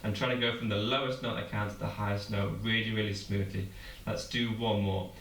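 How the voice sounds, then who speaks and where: A man teaching singers a vocal warm-up, guiding them step by step with encouraging explanations. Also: fairly low pitch, flat delivery, a little fast. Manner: clear, encouraging step-by-step coaching with demonstrated sounds. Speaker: singing teacher. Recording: roomy echo, a little far from the mic, faint noise.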